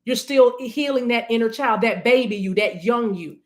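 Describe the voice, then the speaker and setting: A woman's voice: on the high side, moderate pace. A woman giving an intuitive love reading in a fervent, preachy way, repeating phrases for emphasis and now and then breaking into tongues. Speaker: spiritual reader.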